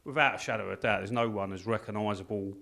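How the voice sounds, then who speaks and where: A man's voice: fairly low pitch, fairly even intonation, fast talker, creaky, bright, forceful tone. An older man chatting animatedly as a darts referee, laughing often and restarting his sentences. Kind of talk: casual chat.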